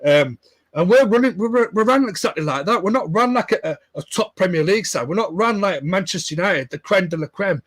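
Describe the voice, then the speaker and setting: A frustrated man rants with a high voice in a casual fan discussion. He swears freely and keeps pressing his points. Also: expressive, fairly quick, a bit bright, husky. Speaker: fan pundit.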